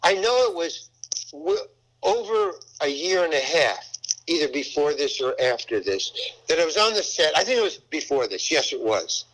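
Older comedian guest, rambling storyteller with a lively, bouncing voice. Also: male voice, a little high, moderate pace, rough recording. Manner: rambling storyteller, acts out voices in quotes, many restarts. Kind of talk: casual anecdote telling.

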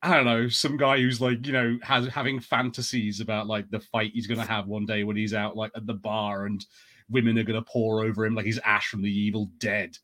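A man's voice: fairly low pitch, flat delivery, a little fast, a bit bright, dry recording. A man co-hosting a casual podcast, hesitant and filler-heavy, teasing the others. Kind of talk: casual chat.

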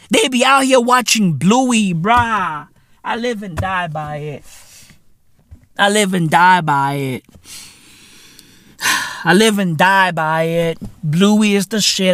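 A man in his thirties hosting a podcast, ranting in a profane comedic monologue with laughter and loud outbursts. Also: high voice, no room sound. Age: 30s. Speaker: podcast host.

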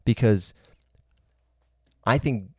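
A man preaching in an earnest, reasoning tone, stacking his points into long spoken lists. His voice sits low and sounds mellow and dark. The sound is dry and close, with no room echo. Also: drawn-out words, breathy edge. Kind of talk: sermon-style teaching.

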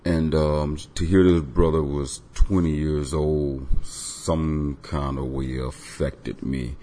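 Very deep-voiced man hosting a podcast. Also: level tone, slow pace, dark tone. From Florida. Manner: loose and conversational, many ums and uhs. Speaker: podcast host. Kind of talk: casual podcast monologue.

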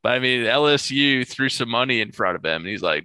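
Lively, bright-voiced male podcast host. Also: medium pitch, a little fast, smooth, no echo. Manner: animated storytelling, laughs often. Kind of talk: casual sports chat.

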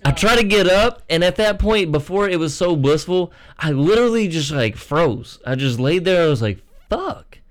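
Crude, animated young man telling a story. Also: moderate pace, hardly any pauses. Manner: animated, swings his pitch when acting out quotes. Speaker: podcast co-host.

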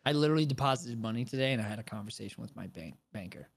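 A man's voice: medium pitch, expressive, racing, creaky. A man with a nasal voice co-hosting a casual podcast, joking and mocking in silly put-on voices. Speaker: podcast co-host.

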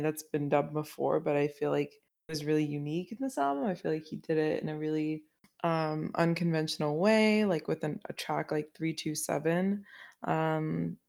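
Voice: mid-range voice, creaky, a little mellow. A podcast co-host talking casually and thoughtfully, hedging with "I feel like". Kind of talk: casual chat.

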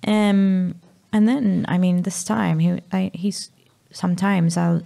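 A Maltese-accented woman, a mother talking candidly about her sick child, pausing and searching for her words. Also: fairly low pitch, fairly even intonation, creaky, mellow. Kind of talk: candid emotional conversation.

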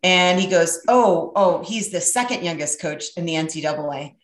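A woman's voice: on the low side, fairly quick. Brash middle-aged woman, echoey room. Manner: brash, profane, animated storyteller. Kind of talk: casual storytelling.

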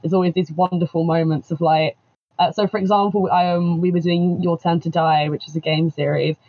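A bubbly woman chatting on a panel, laughing often and filling her sentences with fillers. Her voice is a little husky, and the audio sounds dull and lo-fi. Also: fairly low pitch, steady tone, normal speed. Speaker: cosplayer guest. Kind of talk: casual panel chat.

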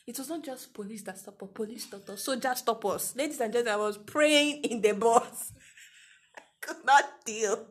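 A young Nigerian woman with a Nigerian accent, co-hosting a casual chat with animated, laughing exclamations. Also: a little high, normal speed. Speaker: podcast co-host.

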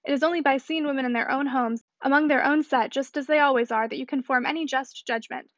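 A woman voicing a lively, teasing young gentleman, in a slightly muffled dry recording. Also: high-pitched, fast, no echo.

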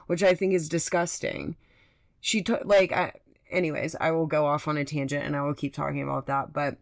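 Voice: medium pitch, gravelly, no echo, studio quality. A podcast host in an impassioned, rambling solo monologue, swearing often and restarting sentences.

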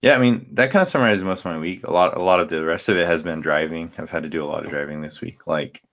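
A young man with a very deep voice talks through his week on a podcast. He rambles loosely, circling back with fillers and restarts. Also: fast, a bit bright. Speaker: podcast co-host. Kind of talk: casual chat.

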